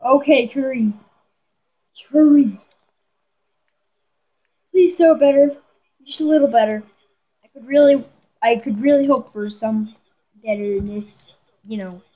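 A woman giving excitable live commentary on a football video game, talking to her viewers and yelling at big plays. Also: on the high side, slow pace, pauses often, low-quality recording. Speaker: gamer.

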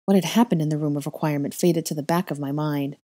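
A woman reading a story aloud in measured, unhurried first-person narration. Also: low voice, fairly even intonation, dark tone, dry recording, studio quality. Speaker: fanfiction reader.

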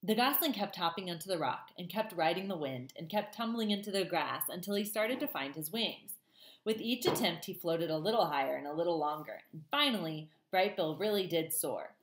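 A woman's voice: fairly low pitch, expressive, brisk, echoey room. A woman teacher reading a children's novel aloud to her class and chatting to them, with a chatty manner and frequent ums. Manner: warm, chatty, many ums.

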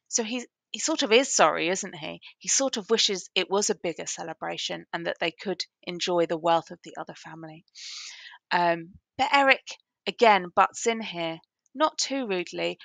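A woman's voice: on the low side, moderate pace, creaky, a bit bright, no room sound. A woman teacher explaining a stage play to students in a casual, conversational way, with rhetorical questions. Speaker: literature teacher.

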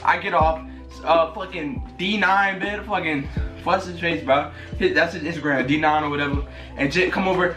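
An excitable young man with a fairly high voice tells his storytime vlog in loud slang and curses, often breaking into squealing laughter. Music runs clearly underneath him the whole time. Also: moderate pace. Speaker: vlogger. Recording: music playing clearly behind.

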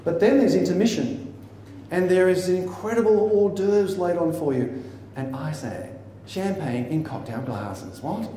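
Male motivational speaker, theatrical storyteller, mellow raised voice, distant in a reverberant hall. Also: high-pitched, measured pace, slight background noise. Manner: theatrical, animated storytelling with mock quotes. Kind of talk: motivational talk to teachers. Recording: echoey hall from far off.

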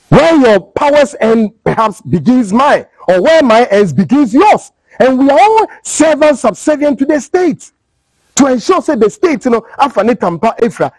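A Ghanaian man delivers heated commentary with a husky edge. His fairly high voice swings widely as he fires off rhetorical questions. The sound is close and dry. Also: sing-song, normal speed, darkish tone, no room sound, poor audio. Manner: fiery, switching between English and Twi, rhetorical questions. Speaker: political commentator. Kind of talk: impassioned commentary.

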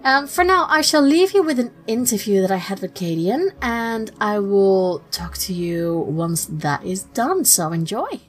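A chatty woman podcast host, mid-pitched and easygoing, laughing often and restarting her sentences. Faint music plays softly behind her voice. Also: very animated, a little slow, hardly any pauses, rough recording. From Netherlands. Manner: chatty and giggly, trailing restarts. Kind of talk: casual podcast chat.

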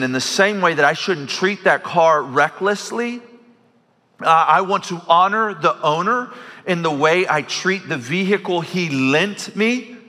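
A male pastor delivers a sermon with a bright, forceful voice. He tells stories in an animated way and often restarts his sentences. His words ring out with the long reverb of a big church sanctuary. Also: fairly high pitch. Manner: animated storytelling with frequent self-corrections.

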